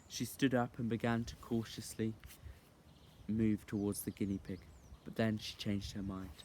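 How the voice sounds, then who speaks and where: A man reading a children's novel aloud as an expressive storyteller. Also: lowish voice, normal speed, a little hiss or hum. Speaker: reader.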